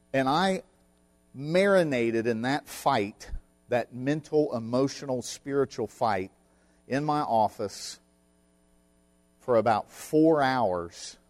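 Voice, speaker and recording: Slow, earnest male preacher. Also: mid-range voice, a little mellow. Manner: earnest, emphatic storytelling with repetition. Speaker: pastor. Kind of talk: sermon.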